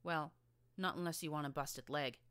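A woman voicing a tough, streetwise young filly gang leader with a rough rural drawl and a blunt, slangy manner. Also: sits low, normal speed, fairly bright tone, no room sound.

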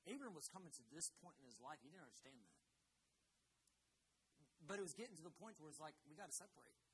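A man's voice: on the high side, very animated, quick pace, a little hiss or hum, poor audio. A young man from Florida preaching a sermon in church, telling a family story with many restarts and then urging his listeners on with growing fervor. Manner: earnest, repetitive restarts, rising to fervent exhortation. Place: church sanctuary.

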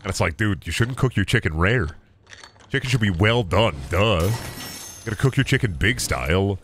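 A man's voice: lowish voice, expressive, normal speed, fairly bright tone, slight background noise. A young man streaming a shooter game, joking around and swearing as he plays. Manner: joking, repetitive bits, swears often. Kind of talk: casual gameplay commentary.

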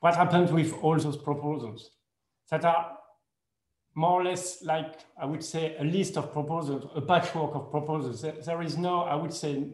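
A man giving a conference presentation in careful non-native English, hesitant and full of pauses and fillers, correcting himself as he goes. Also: on the high side, fairly even intonation, a little mellow. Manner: speaks English as a second language. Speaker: conference speaker. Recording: echoey room.

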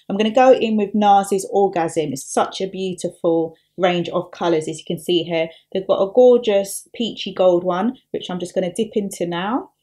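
A woman's voice: on the low side, warm tone. A woman makeup artist talking through a tutorial step by step in a chatty, upbeat way.

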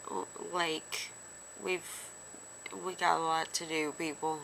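A woman talks slowly into her camera for her daily video diary, her voice bright yet gravelly and close to tears. She rambles with lots of fillers, and a faint hiss sits under the recording. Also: sits low, little pitch movement, poor audio. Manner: tearful, rambling with many fillers. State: teary. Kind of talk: emotional personal vlog.

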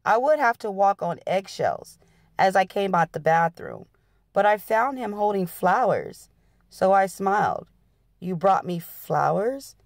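A woman's voice: medium pitch, sing-song, a little slow, no room sound, clean studio sound. A woman hosting her channel, reading a memoir aloud in an earnest storytelling style. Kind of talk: dramatic audiobook-style reading.

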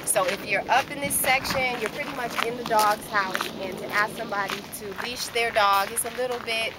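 A woman's voice: a little high, normal speed, heavy background noise. A woman chatting casually with friends on a hiking trail, explaining things plainly. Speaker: workout friend. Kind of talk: casual chat. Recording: loud music over the talk.

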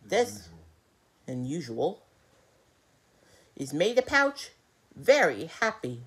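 A woman improvising a children's story with stuffed animals, hesitant, with fillers and slips, and a very lively pitch. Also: slow pace, long pauses, slightly rough.

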